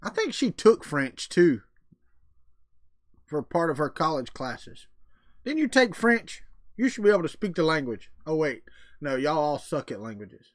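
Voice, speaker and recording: A man's voice: on the high side, very animated, a little slow, pauses often, no echo, studio quality. A middle-aged man, chatting casually on a live stream and answering his chat in a folksy way. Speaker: livestream host.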